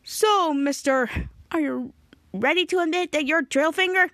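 A cocky grown male superhero, put on by a woman grills a suspect in a showy, accusing tone. The voice sits high and a little louder than her usual talk, with a dry, close sound. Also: unhurried, dry recording.

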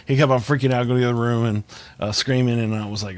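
A man's voice: medium pitch, fairly even intonation, quick pace. A young man hosting a casual podcast over a video call, telling stories with lots of fillers and restarts. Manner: rambling storyteller, many fillers and restarts. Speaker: podcast host.

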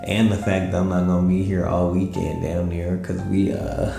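A man's voice: sits low, little pitch movement, moderate pace, vocal fry, dark tone. A tired young man rambling in slangy, laid-back casual talk as a podcast host at home late at night. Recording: roomy echo with faint music.

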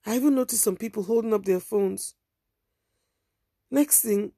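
A woman narrating a first-person story in a quiet, subdued, measured way. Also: on the high side, vocal fry, slightly rough, no room sound, clean studio sound.

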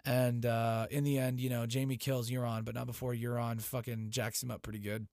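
Excitable, foul-mouthed man recapping. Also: medium pitch, moderate pace, vocal fry, no room sound, clean studio sound. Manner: excitable, heavy swearing. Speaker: TV episode recapper. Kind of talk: casual profane recap.

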